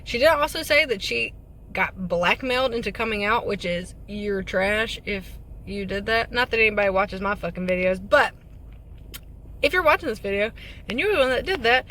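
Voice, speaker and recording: A woman's voice: medium pitch, expressive, moderate pace, bright, forceful tone, slight background noise. Blunt, foul-mouthed woman vlogging casually. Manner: blunt, heavy swearing, chatty asides. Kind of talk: casual vlog chat. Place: parked car.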